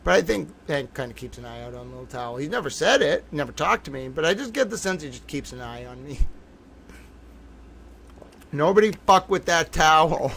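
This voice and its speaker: A man's voice: mid-range voice, animated, quick pace, vocal fry, few pauses, fairly bright tone, a little hiss or hum. A man giving casual livestream commentary, talking in a rambling, profane and emphatic way.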